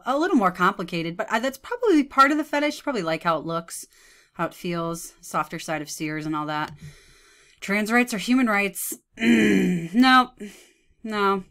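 Sarcastic woman in her thirties, lively. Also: lowish voice. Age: 30s. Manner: sarcastic, mocking, laughs often. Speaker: commentator. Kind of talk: reaction commentary on photos.

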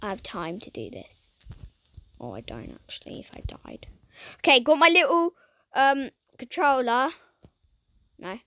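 A woman giving casual gameplay commentary, dramatic and excitable, who keeps talking to her viewers and often drops into a whisper. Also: sits high, measured pace, pauses often, dry recording. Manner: excitable and dramatic, swinging between squeals and whispers; chats to viewers while playing. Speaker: gaming channel host.

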